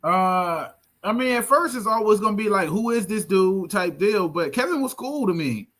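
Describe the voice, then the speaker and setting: A man answers as a podcast guest in an easygoing, casual way, with short replies. His voice is high and bright. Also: expressive, moderate pace. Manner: laid-back, short answers. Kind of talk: casual conversation.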